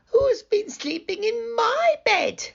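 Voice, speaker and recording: A tiny baby bear cub with a squeaky, high little voice, put on by a man reading a storybook. The sound is dull and lo-fi. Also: very animated, slow pace, vocal fry, a bit bright, exaggerated voice. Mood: whiny.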